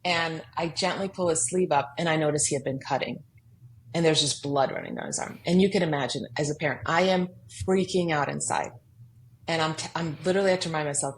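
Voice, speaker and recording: A woman's voice: low-pitched, a little fast, a little hiss or hum, low-quality recording. A woman guest on a podcast, telling a personal story earnestly and emphatically, acting out the voices in her head. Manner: earnest, emphatic, acts out quoted inner voices. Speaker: guest author. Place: podcast studio.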